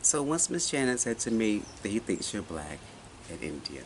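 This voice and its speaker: A man in his forties telling a personal story in casual chat, animated and often asking his listener questions. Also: fairly low pitch, moderate pace. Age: 40s. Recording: noisy recording.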